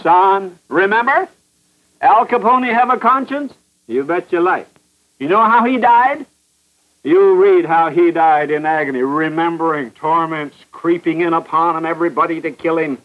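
High-pitched fervent preacher on old radio. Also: male voice, normal speed. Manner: emphatic, pounding repetition, rhetorical questions. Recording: muffled old radio broadcast.

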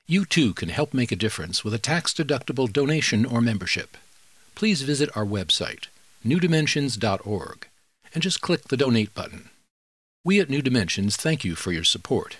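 A man's voice: medium pitch, sing-song, moderate pace, a bit bright, breathy edge, no room sound. A man reading a scripted radio donation appeal. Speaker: station announcer. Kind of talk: read announcement.

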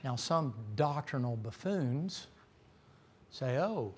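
A middle-aged man preaching a folksy, joking sermon that climbs to loud, shouting peaks. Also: mid-range voice, a little slow, gravelly, slight background noise. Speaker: pastor.

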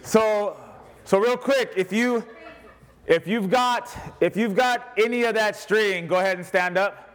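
With a high voice and a measured pace, a man runs an interactive activity in a sermon. He's lively, jokes often, and calls out to the audience.

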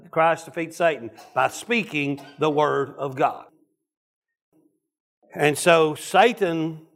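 Male pastor, folksy storytelling sermon, voice sits a little high. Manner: folksy, storytelling, calls on listeners by name. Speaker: preacher.

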